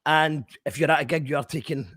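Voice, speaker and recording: A man's voice: on the high side, fairly even intonation, fairly quick, a bit bright, breathy edge, no echo. Hesitant male radio host, dry sound. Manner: hesitant, many fillers and restarts. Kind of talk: casual radio chat.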